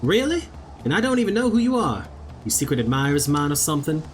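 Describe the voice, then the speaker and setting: A man's voice: sing-song, fast talker, slight background noise. A man doing a frantic, cocky jailed young man. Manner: high, urgent and cocky.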